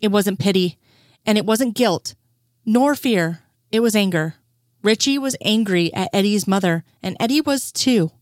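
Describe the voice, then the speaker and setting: A woman's voice: mid-range voice, dry recording. Woman reading fan fiction, dry sound. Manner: casual, profane storytelling. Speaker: narrator.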